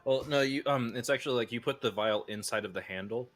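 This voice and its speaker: A man's voice: mid-range voice, fast talker, a bit bright. A man narrating as game master of a tabletop game, casual and chatty, often laughing.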